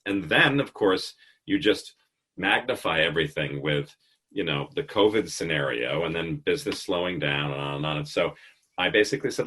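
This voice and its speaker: A man in his fifties hosting a casual interview, telling stories in an animated way and swearing freely. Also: low voice, normal speed, husky. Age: 50s. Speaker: podcast host.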